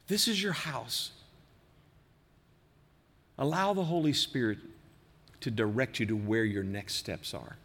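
Older male pastor, earnest exhorting sermon delivery, mid pitch, big reverberant church hall sound. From American Midwest. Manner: earnest, exhorting, slows and softens for emphasis.

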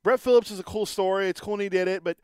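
Fast-talking sports podcast co-host. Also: male voice, high voice, steady tone, darkish tone, clear, resonant tone, no echo. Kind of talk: casual sports talk.

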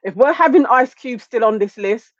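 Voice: mid-range voice, lively intonation, normal speed, no echo, dull audio. A parent on a podcast panel, chatting casually. They speak indignantly and with emphasis.

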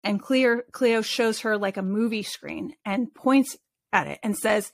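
A woman, an animal communicator, telling personal stories in a casual, expressive interview manner with frequent restarts. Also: mid-range voice, a little slow, gravelly, no room sound.

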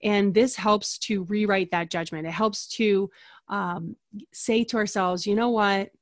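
A woman in her thirties talks casually about her healing work. She slips into quick acted-out dialogues as she goes. Her voice sits mid-range and sounds dry and close. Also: medium pitch, fairly even intonation, no room sound. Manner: chatty, acts out little dialogues. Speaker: energy healer guest. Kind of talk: casual conversational interview.

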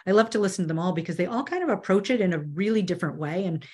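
A woman's voice: on the low side, animated, racing, a little mellow, breathy edge. A woman media trainer speaking as an interview guest, earnest and conversational, often restarting her sentences. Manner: earnest, with frequent restarts and "you know".

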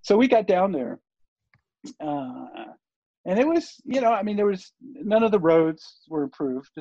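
An older man, a surf TV producer appearing as an interview guest, tells a story loosely and ramblingly, full of fillers and restarts. His high voice swings widely in pitch at a measured pace, mellow with vocal fry. The recording is dull, lo-fi, and dry with no room sound.

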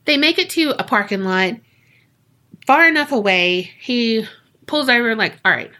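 A woman co-hosting a podcast, telling a ghost story in a relaxed, chatty way full of "like". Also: on the high side, a little slow. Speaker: podcast co-host.

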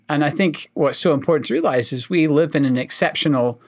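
A man's voice: fairly high pitch, fairly quick, few pauses. A man from Scotland with a light Scottish accent, a doctor co-hosting a podcast chat with dry, wry humor. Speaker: oncologist co-host.

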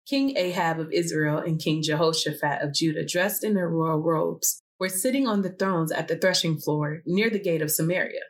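A woman's voice: on the low side, normal speed, hardly any pauses. Woman reading scripture aloud. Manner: relaxed and chatty between passages, lightly dramatizing quotes. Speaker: scripture reader. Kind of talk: casual reading aloud of a biblical text.

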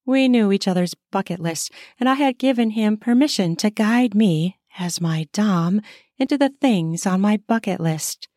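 A woman's voice: mid-range voice, expressive, moderate pace, darkish tone, no echo, clean studio sound. A woman reading her own erotic short story aloud in an intimate first-person style. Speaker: narrator and author.

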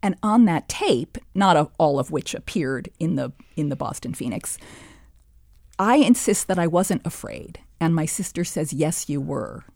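Low-voiced reflective older woman. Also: animated, darkish tone, dry recording, studio quality. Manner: reflective, measured storytelling. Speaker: author and historian. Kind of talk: interview conversation, reading from her childhood diary.

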